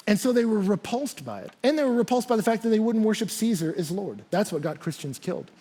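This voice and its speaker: A man's voice: high voice, animated, quick pace, few pauses, warm tone, slightly rough. A man pastor preaching a sermon, telling stories animatedly and acting out the quotes.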